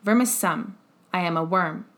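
A woman reading the part of a humble, mild old male bishop in a soft and mild way. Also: fairly low pitch, moderate pace, natural voice. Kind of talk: audiobook character reading.

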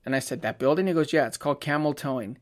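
A man's voice: a little high, quick pace. A man, a photographer, telling a casual anecdote, acting out the dialogue and laughing often as he goes.

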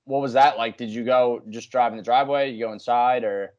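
A man co-hosting a casual podcast, easygoing and quick to laugh along. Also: medium pitch, steady tone, darkish tone, highs cut off. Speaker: podcast co-host. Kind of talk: casual chat.

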